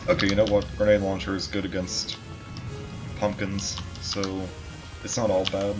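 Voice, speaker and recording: A man's voice: low voice, monotone, normal speed, rough recording. A man giving casual, chatty commentary over his own gameplay, swearing now and then and joking at himself. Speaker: gamer. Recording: game music behind. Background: game music and keyboard typing.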